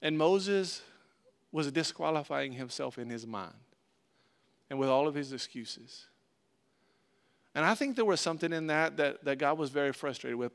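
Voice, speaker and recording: A man's voice: on the high side, fairly bright tone, smooth. A man preaching as pastor in a conversational sermon, acting out God and Moses in short bits of dialogue.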